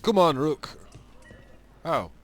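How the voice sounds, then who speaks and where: A man's voice: fairly high pitch, very animated, slow pace, a little hiss or hum. A man hosting a let's play, reading game text aloud with dry, muttered asides. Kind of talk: casual gaming commentary.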